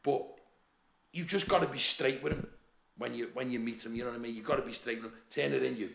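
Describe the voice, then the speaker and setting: A middle-aged man with a broad Scouse accent rattles through his stories, swearing freely and laughing as he goes. His voice has a gravelly edge to it. The sound carries the echo of a roomy space. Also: mid-range voice, fast, fairly bright tone, slight background noise. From Liverpool, England. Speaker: bodybuilder and gym owner, guest. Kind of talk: casual storytelling chat.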